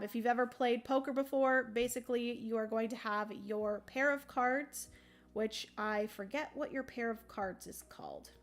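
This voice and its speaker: Woman with a throaty morning voice. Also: a little high. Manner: chatty, many ums, thinks aloud. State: morning voice, keeps clearing her throat. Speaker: board game livestream host. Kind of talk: casual rules explanation while playing.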